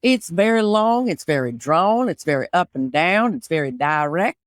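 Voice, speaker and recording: A woman voicing a brash, fast-talking Southern American woman. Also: fairly low pitch, expressive, no room sound, clean studio sound, lightly acted. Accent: put-on Southern US.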